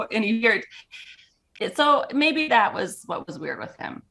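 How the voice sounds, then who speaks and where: A woman's voice: fairly high pitch, very animated, moderate pace, creaky, bright, forceful tone. A woman who is a sports reporter, chatting casually on a talk show. She peppers her speech with fillers and talks in a loose, chatty way.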